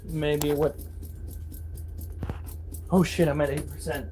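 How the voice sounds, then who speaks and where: A man's voice: on the high side, level tone, takes it slowly, a little mellow, soft background music. A man in his thirties vlogging at home, telling stories to his viewers in a chatty, swearing, casual way. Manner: chatty, swears freely, acts out quotes.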